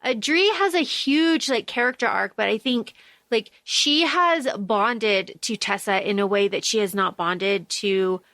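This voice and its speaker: A woman's voice: mid-range voice, a little slow, a bit bright, no room sound. A woman co-hosting a podcast, chatting casually about a book with lots of fillers, quoted asides and casual swearing. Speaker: podcast co-host.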